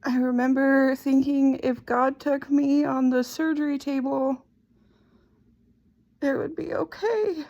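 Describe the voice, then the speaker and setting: A middle-aged woman slowly and haltingly retelling a painful personal story. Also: high-pitched, steady tone, a little mellow. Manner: slow, halting, emotional retelling. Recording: dull lo-fi recording.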